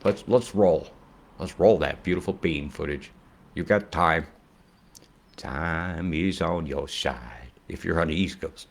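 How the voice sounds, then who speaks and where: A man giving a casual weather forecast in a rambling, excitable way, often swearing and slipping into rhymes. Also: deep voice, moderate pace.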